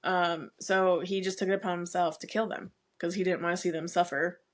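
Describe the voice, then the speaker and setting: A woman's voice: fairly low pitch, level tone, a little fast. A woman co-hosting a podcast, frankly chatting about a novel's plot with frequent laughs and filler words. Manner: laughs often, filler-heavy, frank and unfiltered. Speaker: podcast co-host. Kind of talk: casual book recap chat.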